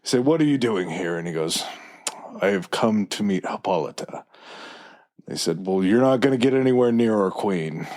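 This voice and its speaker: A man with a somewhat low voice tells a myth in a slow, measured way during a casual podcast chat. He keeps a relaxed pace and adds dry jokes as he goes. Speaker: podcast co-host.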